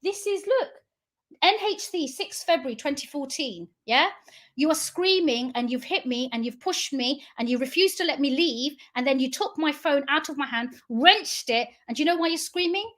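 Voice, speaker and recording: Impassioned high-voiced woman. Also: lively intonation, a bit bright. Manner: accusatory, emotional, rapid rhetorical questions. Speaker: founder giving a public address. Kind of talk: impassioned direct-address monologue.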